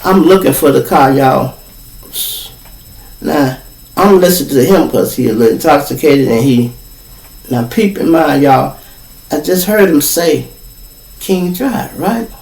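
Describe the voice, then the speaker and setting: Man with a chicago accent, gravelly voice, slightly high, animated storytelling, roomy sound away from the mic. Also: a little slow, pauses often, distant mic. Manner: animated, profane, acts out the people in his story. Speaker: podcast host. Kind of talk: casual storytelling.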